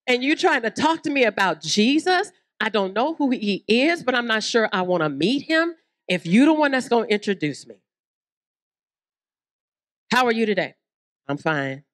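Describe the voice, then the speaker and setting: A Southern American woman preaching a lively sermon at a women's conference, acting out little scenes and voices as she goes. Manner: animated, acts out voices, swoops in pitch. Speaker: guest preacher.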